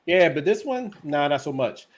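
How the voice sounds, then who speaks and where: A man's voice: on the high side, big pitch swings, moderate pace, crowd noise. A middle-aged man chatting casually on a video call, rambling, joking and laid-back.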